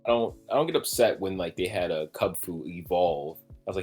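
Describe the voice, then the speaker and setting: A man's voice: low voice, expressive, a little fast, hardly any pauses, darkish tone, husky, faint music behind. A man co-hosting a podcast in a casual chat, talking enthusiastically and rambling with fillers. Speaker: podcast co-host.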